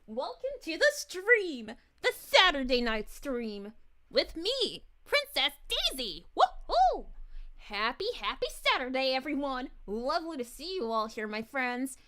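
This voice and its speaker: A woman's voice: high-pitched, sing-song, a little slow, pushed and bright, heavily acted. A woman voicing a bubbly, cheerful young princess, greeting viewers exclamatorily and with giggles. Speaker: VTuber streamer. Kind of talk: in-character livestream chat reading.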